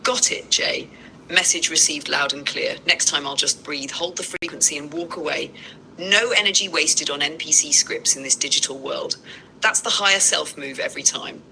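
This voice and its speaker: A woman calmly coaching a livestream host, steady and matter-of-fact. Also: sits low, moderate pace, creaky, a little hiss or hum, poor audio. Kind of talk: calm motivational coaching.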